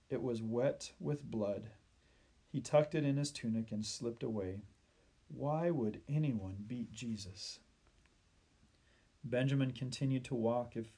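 A male storyteller reads a children's tale at a gentle, measured pace. He lets the sad moments slow and soften. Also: medium pitch, gravelly, breathy edge. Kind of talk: children's Bible story reading.

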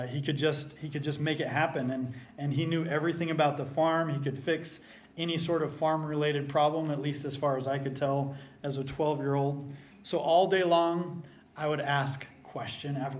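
A man's voice: a little high, slight background noise. A middle-aged man preaching a conversational sermon, telling personal stories in an earnest, folksy way with self-deprecating asides. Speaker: pastor.

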